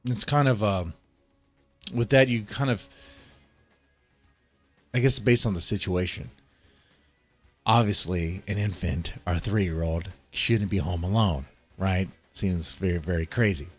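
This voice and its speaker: A man's voice: sits low, measured pace, pauses often, faint music behind. A man who works as a child protective services caseworker, casually explaining how he questions children, thinking aloud step by step.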